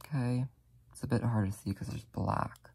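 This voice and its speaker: A soft-spoken crafting tutorial host giving casual step-by-step instructions while working, often apologetic and leaning on "like" fillers. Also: medium pitch, normal speed, gravelly, breathy edge.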